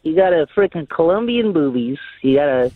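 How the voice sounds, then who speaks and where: A man's voice: fairly high pitch, expressive, fairly quick, no echo. A man calling in to a radio show, ranting and hurling insults. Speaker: caller. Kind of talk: call-in rant. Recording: dull phone-in audio.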